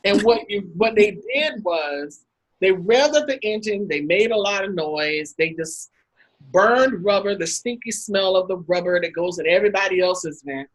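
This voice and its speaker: A woman hosting a talk over a video call, telling lively anecdotes and acting out the people in them. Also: medium pitch, breathy edge, poor audio. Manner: animated anecdotes, acts out quotes with laughs. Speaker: host. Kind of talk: casual storytelling talk.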